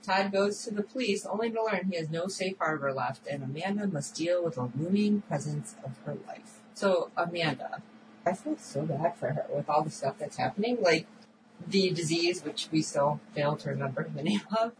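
A woman co-hosting a podcast, recapping a TV episode in a chatty, animated way full of filler words. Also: sits low, moderate pace, background noise. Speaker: podcast co-host. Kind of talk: casual chat recapping a TV episode.

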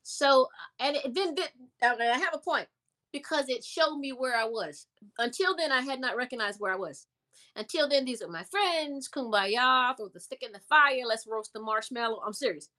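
A young adult woman telling a personal story in a conversation, animated and emphatic, repeating words for effect. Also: sits high, normal speed. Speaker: guest.

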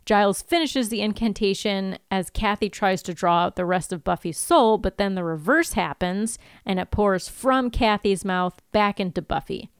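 A woman's voice: medium pitch, moderate pace, hardly any pauses, clean tone, no echo, clean studio sound. A woman co-hosting a podcast, recapping an episode in a chatty, giggly way. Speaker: podcast co-host.

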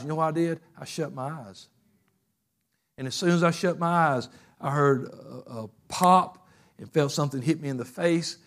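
A man with a slightly high voice delivers an impassioned sermon full of stories, moving between loud outbursts and quiet, hushed stretches.

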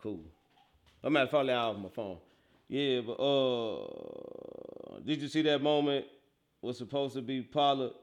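A man hosting a casual livestream, reacting excitedly to football highlights, laughing often and talking straight to his chat. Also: unhurried, pauses often. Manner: excitable, laughs often, bursts into loud outbursts, talks to chat; slangy, animated football banter. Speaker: livestream host.

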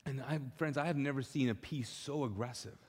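A middle-aged male pastor telling a personal story in a sermon, lively and acting out the dialogue. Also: mid-range voice, a little fast, breathy edge. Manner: animated, acts out quoted dialogue. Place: church auditorium, live. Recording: long reverb of a large church hall.

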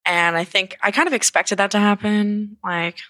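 A woman's voice: medium pitch, steady tone, moderate pace, sharp tone, dry recording. A young woman hosting a casual podcast, rambling and distracted, swearing often, irritable and with a sore throat. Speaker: podcast host. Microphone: handheld microphone.

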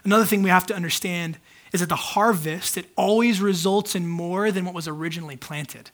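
A man's voice: high voice, brisk. A man, a pastor, preaching a casual, candid sermon with lots of fillers and asides to the congregation. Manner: conversational, candid, many fillers.

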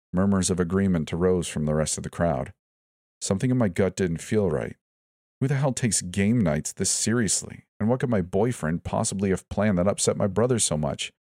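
A man reads a first-person horror story in a very deep voice, steady and even. The recording is close and dry, without room sound. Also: normal speed, dry recording. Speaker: narrator.

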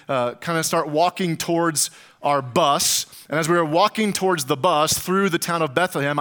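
Man, pastor, sermon, high-pitched, animated storytelling, comic asides. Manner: animated storyteller with dramatic pauses.

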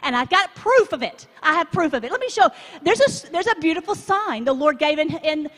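Lively, high-voiced woman preaching. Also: fairly quick. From Texas. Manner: animated, chatty, asks the crowd to join in. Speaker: conference speaker. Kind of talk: preaching talk to a live audience. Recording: long hall reverb.

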